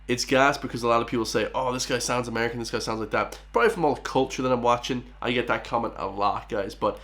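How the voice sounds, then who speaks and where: Irish male reaction host, mid-pitched, eager, chatty, keeps the accent a little toned down. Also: fast talker, a bit bright. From Ireland. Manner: enthusiastic, keeps addressing viewers as guys. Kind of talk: casual reaction commentary.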